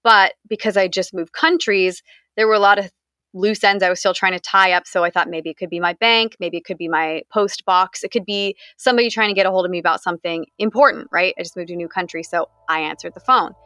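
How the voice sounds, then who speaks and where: A woman's voice: on the low side, fairly even intonation, fast talker, bright, forceful tone, clear, resonant tone, dry recording. Candid young woman recounting a story, dry sound. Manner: candid, conversational, frequent "like" fillers. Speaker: interviewee. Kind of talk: recounting a personal story in an interview.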